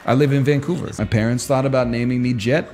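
A man hosting a stream in casual chat, with quick self-mocking asides. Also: medium pitch, fairly even intonation, darkish tone, faint music behind, some chatter behind. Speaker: streamer host.

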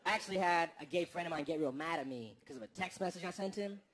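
A man doing a stand-up comedy set on stage, telling stories deadpan and then bursting into loud, exaggerated rants. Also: fairly high pitch, quick pace, a little hiss or hum. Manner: deadpan storytelling that breaks into loud, exaggerated outbursts. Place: comedy stage before a live audience. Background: audience laughter and applause.

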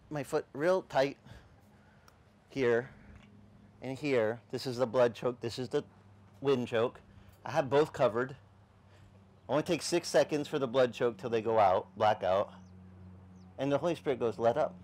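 A male pastor tells a personal story during an outdoor beach service, speaking a little slowly with frequent pauses. He's an animated storyteller, acting out the voices in the story with big swings in pitch.

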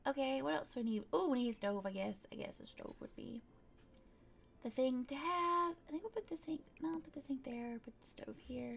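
High chatty woman narrating her game. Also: brisk, creaky. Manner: chatty, thinking aloud with playful sound words. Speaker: gaming video creator. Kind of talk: casual gameplay commentary.

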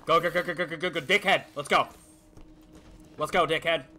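A man streaming a video game, giving frantic, excitable commentary as he yells, laughs and swears. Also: fairly high pitch, fairly quick. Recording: game music playing clearly behind.

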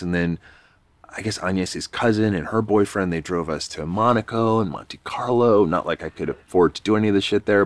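A man's voice: lowish voice, no room sound. A man from New York, a podcast guest, telling a rambling, self-deprecating story in a casual, swearing way.

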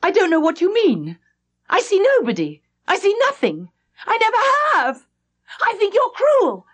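Brief: woman reader voicing a scared, hostile little girl, very high, shrill and tearful. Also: huge pitch swings, measured pace, full character voice. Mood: sullen, defiant.

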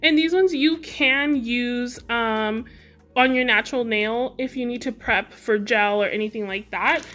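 Young female beauty vlogger, high voice, chatty and giggly, casual haul talk to camera. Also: a little slow, a bit bright. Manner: chatty, giggly, talks to viewers directly. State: out of breath. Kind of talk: casual product haul chat.

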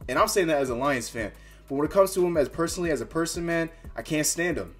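A man's voice: fairly high pitch, expressive, quick pace, soft background music. A man hosting a sports fan vlog, talking in a fired-up, trash-talking, conversational way. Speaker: sports fan channel host.

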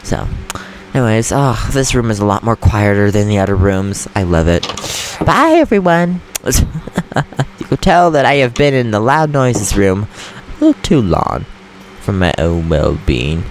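A man's voice: fairly low pitch, lively intonation, moderate pace, slight background noise. A man casually commenting on his own gameplay, goofy and chatty, giggling often and getting jumpy and nervous. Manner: jumpy, nervous about threats. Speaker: gaming channel host. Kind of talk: Let's Play commentary.

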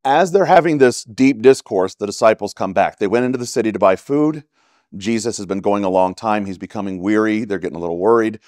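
A man's voice: fairly low pitch, fairly quick, darkish tone, no echo, clean studio sound. A man with a Texan accent teaching a church Bible study in a conversational way, often checking in with "right?". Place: church classroom.

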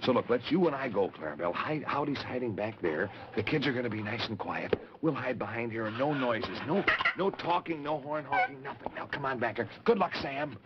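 A man's voice: mid-range voice, animated, fairly quick, hardly any pauses. A man hosting a 1950s children's TV show, coaxing and talking directly to the kids. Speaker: host. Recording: dull noisy 1950s TV audio.

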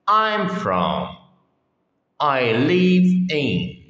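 Slow, sing-song male English teacher. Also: a little high, huge pitch swings, fairly bright tone, dull audio. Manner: reads each phrase on its own with pauses, often repeating it. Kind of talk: slow phrase-by-phrase lesson reading. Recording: echoey room with long reverb.

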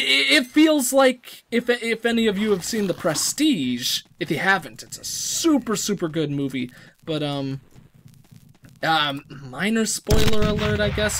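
A let's-play gamer rambles through casual gameplay commentary, self-deprecating and lively, with a jumpy pitch. He often trails off and restarts sentences, and there's a little hiss or hum in the recording.

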